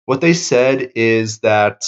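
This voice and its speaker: A man's voice: medium pitch, slow, smooth. A man co-hosting a casual political commentary stream in a laid-back, filler-heavy way. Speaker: co-host. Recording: dull lo-fi mic.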